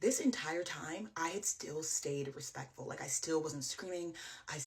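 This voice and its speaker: A woman retelling a frightening night out in casual, emotional storytelling, full of fillers and quick asides. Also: sits low. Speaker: storyteller guest.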